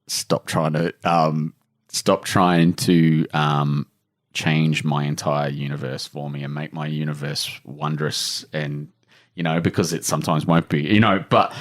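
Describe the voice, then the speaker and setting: An Australian man in his forties, a guest on a podcast, talking earnestly and rambling with lots of fillers. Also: rumbling low. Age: 40s. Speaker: author guest. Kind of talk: emotional podcast interview.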